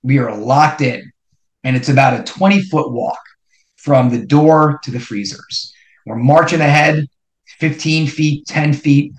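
A middle-aged man from New Jersey hosts a podcast and tells a personal story. He speaks in an animated way and builds suspense with strings of rhetorical questions. His voice sits a little high for a man, and the room around him rings with echo. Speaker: podcast host. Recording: roomy echo.

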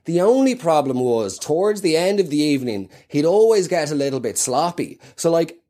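A man's voice: a little high, big pitch swings, normal speed, mellow. A man with a South Dublin Irish accent doing rambling, self-mocking stand-up comedy with plenty of swearing. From Ireland.

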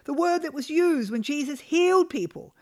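A woman's voice: high-pitched, expressive, normal speed, warm tone. A woman teaching a devotional Bible lesson to women, reading scripture aloud and lingering on key words.

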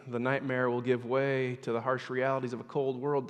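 A man in his thirties preaching a sermon, swinging between loud, emphatic passages and hushed, near-whispered ones. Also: medium pitch, level tone, normal speed, hardly any pauses. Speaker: pastor. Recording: long hall reverb.

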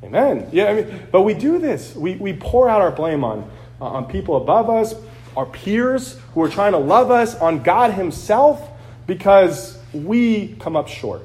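A man's voice: sits high, big pitch swings, a little slow, a little mellow. A man preaching a sermon as pastor, earnest and conversational, acting out quotes along the way.

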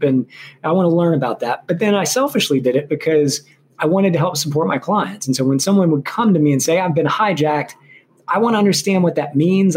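A man in his thirties, an intellectual property lawyer, telling his story as an interview guest in a chatty, animated way with many fillers and restarts. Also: a little high, slight background noise.

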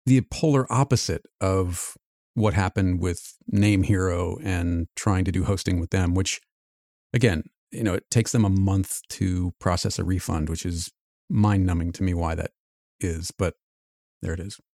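A man's voice: low-pitched, steady tone, measured pace, darkish tone, dry recording, studio quality. A man hosting a podcast, introducing the episode and chatting in an easygoing, reflective way. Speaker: podcast host. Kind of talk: casual chat.

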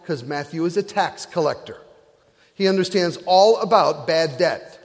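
A man's voice: a little high, animated, normal speed, big-room sound. A male pastor preaching a sermon, retelling a parable with playful asides.

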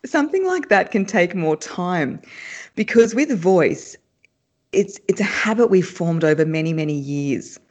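A woman speaking as a voice coach in an interview, her pitch swinging up and down as she explains her methods. She talks in an animated, explanatory way and often breaks into laughter. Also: measured pace. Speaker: voice and speech coach.

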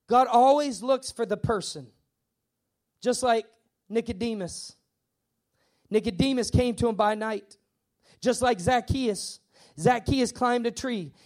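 A man's voice: very high voice, a little mellow. A man pastor preaching a sermon, emphatic and repetitive, with stammering acted asides.

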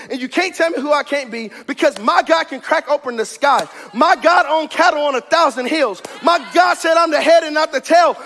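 High-voiced pastor preaching fiery sermon. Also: male voice, long reverb tail, slight background noise. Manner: fiery, rhythmic preaching with shouted climaxes. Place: church sanctuary.

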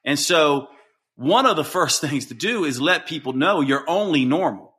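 Guy hosting a podcast, bright forward voice, earnest advice talk with little sample lines. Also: a little high, expressive, moderate pace. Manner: earnest, explaining with example phrases. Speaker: podcast host. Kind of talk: solo coaching talk.

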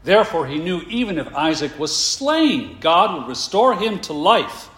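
A male pastor preaching a sermon, emphatic and full of rhetorical questions, slowing down to stress his points. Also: on the high side, fairly bright tone, roomy sound.

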